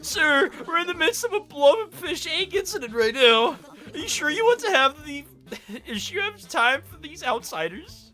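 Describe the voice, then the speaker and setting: A man doing a squeaky anxious attendant. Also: very animated, normal speed, sharp tone, faint music behind, heavily acted. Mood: urgent.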